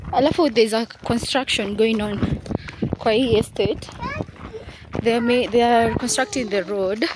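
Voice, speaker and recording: A woman's voice: a little high, measured pace, noisy background. A young Kenyan mother chatting casually in a vlog, switching between English and Swahili. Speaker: vlogger mother.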